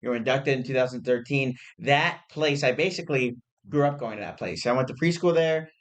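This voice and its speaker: A man's voice: mid-range voice, a little fast. Chatty young male podcast host. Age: young adult. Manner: eager, chatty, stumbling over words. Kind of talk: casual podcast interview.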